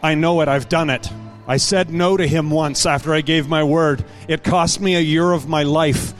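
A man's voice: fairly high pitch, fairly even intonation, moderate pace, faint music behind. A male pastor exhorting a congregation and then praying, earnest and urgent, building in intensity. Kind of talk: sermon and prayer.

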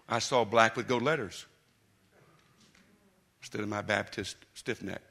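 Gravelly, bright-toned male preacher. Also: lowish voice, fairly even intonation, measured pace, long pauses. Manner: emphatic, swings from quiet intensity to loud bursts. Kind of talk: sermon.

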